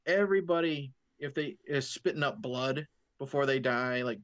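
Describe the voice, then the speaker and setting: A man's voice: medium pitch, moderate pace, a bit bright. Eager man with a dull lo-fi sound. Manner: enthusiastic, recounts scenes in detail. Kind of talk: casual film discussion.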